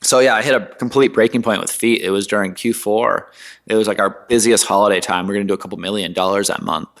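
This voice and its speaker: A man in his twenties, a guest entrepreneur, telling his story in a casual interview in an animated, slangy way. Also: lowish voice, quick pace, gravelly. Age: 20s. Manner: animated, slangy, mimics others in quotes.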